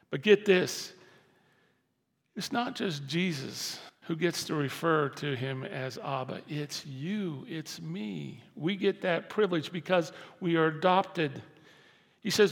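An older man preaching a sermon as pastor, dropping to soft intimate lows and rising to loud emphatic lines. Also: gravelly. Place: church sanctuary. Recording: long hall reverb.

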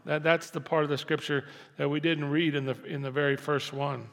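An older man preaching a sermon as pastor, dropping to soft intimate lows and rising to loud emphatic lines. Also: fairly even intonation, a little fast. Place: church sanctuary. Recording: long hall reverb.

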